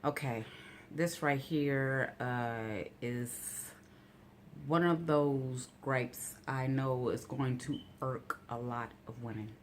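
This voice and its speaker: A woman vlogger telling a rambling, casual story full of "you know" asides, getting animated and incredulous when outraged. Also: rumbling low, slow pace, a little hiss or hum.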